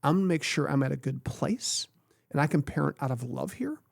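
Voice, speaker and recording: A man's voice: fairly high pitch, animated, fairly quick, creaky, no echo, clean studio sound. A man co-hosting a podcast, talking earnestly and emphatically in a coaching tone.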